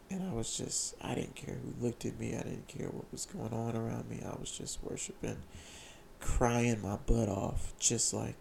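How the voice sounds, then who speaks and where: A young man telling an emotional, excited personal testimony, repeating phrases as he speaks. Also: medium pitch, moderate pace, creaky, slight background noise.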